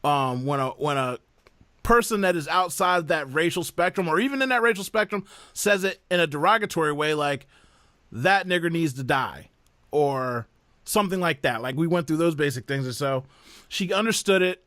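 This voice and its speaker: A man hosting a podcast, telling family stories in animated casual chat. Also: fairly high pitch, brisk, no room sound, studio quality. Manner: animated storyteller who mimics voices. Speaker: podcast host.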